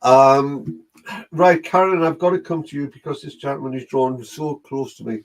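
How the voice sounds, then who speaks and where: A man's voice: medium pitch, fairly even intonation, moderate pace. Chatty Geordie man greeting viewers. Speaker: medium. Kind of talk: live online reading session.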